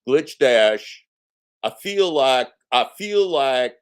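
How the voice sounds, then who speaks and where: A man's voice: mid-range voice, lively intonation, drawn-out words, clear, resonant tone. A man hosting a casual live stream, talking in a sarcastic, mocking and boastful way and swearing freely.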